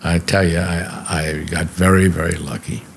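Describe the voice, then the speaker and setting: Older new guy telling stories on a podcast, deep gravelly voice, does all the voices. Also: moderate pace, slight background noise. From New York. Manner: lively storyteller who acts out the people he quotes. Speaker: podcast guest. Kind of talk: storytelling anecdotes. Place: podcast studio.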